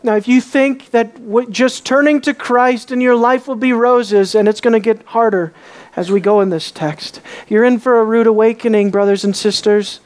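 A woman preaching an emphatic, higher-pitched sermon. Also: moderate pace. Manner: emphatic, asks the congregation rhetorical questions; swings between soft low asides and raised exclamations.

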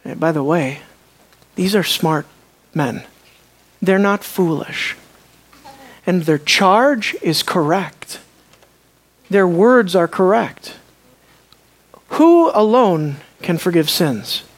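A preacher delivering a sermon, swinging between hushed, slow asides and loud, emphatic declarations, and asking the listeners rhetorical questions. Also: medium pitch, expressive.

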